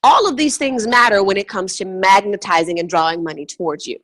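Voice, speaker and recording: A woman's voice: medium pitch, brisk, fairly bright tone, no echo. Emphatic woman coaching with repetition. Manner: emphatic, repetitive, chant-like stresses. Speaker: money mindset coach. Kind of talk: motivational teaching call.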